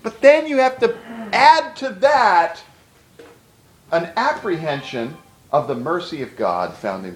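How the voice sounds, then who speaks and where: A man's voice: sits high, fairly bright tone, roomy sound, poor audio. A man preaching a sermon to a room of pastors, emphatic and conversational, with repeated words for stress.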